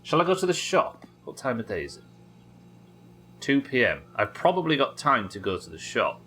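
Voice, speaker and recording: Here a man with a mid-range voice sounds very animated, talking at a moderate pace in a pushed, bright way, with a little hiss or hum on the audio. He jokes around and swears freely as he chats through his live-streamed game.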